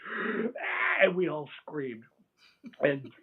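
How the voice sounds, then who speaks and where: A man's voice: fairly high pitch, normal speed, slight background noise. Older man telling stories over a tinny line. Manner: animated, laughs and imitates sounds. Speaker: interview guest. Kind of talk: casual storytelling.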